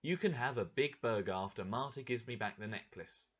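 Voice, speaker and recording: A man voicing a firm, composed older lady who talks calmly without shouting in a storybook reading. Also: medium pitch, brisk, highs cut off, lightly acted. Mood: firmly calm. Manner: firm and calm, never shouting.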